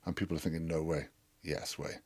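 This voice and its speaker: A man's voice: a bass voice, little pitch movement, a little fast, a little mellow, slightly rough, no room sound. Welsh man telling a profane anecdote. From Wales. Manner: rambling, profane, acts out others' lines. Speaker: former rugby player. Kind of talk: storytelling anecdote.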